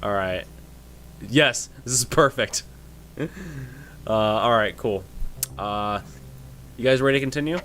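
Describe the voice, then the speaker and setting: A man narrating as game master in a casual, halting way, full of fillers. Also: mid-range voice, a bit bright, a little hiss or hum.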